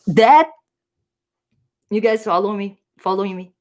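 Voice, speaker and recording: A woman talks through her thoughts in a casual vlog monologue. She rambles, restarts and hesitates as she reaches for the right words, at a medium pitch. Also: normal speed, pauses often, a little mellow. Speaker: vlogger.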